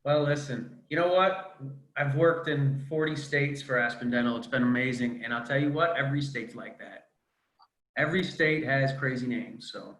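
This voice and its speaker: A man's voice: mid-range voice, normal speed, a bit bright, reverberant, poor audio. A man hosting a casual live video call, friendly and chatty, with many ums. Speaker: host.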